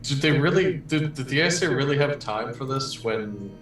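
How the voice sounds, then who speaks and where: A man's voice: medium pitch, lively intonation, moderate pace, music in the background. A man playing a tabletop game, chatting casually with the group. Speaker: player. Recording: roomy, distant mic.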